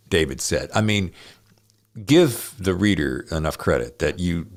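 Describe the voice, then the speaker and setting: A man hosting an interview podcast, talking in a measured, deliberate way with frequent fillers; he also narrates audiobooks. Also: sits low, lively intonation. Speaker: podcast host. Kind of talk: conversational interview.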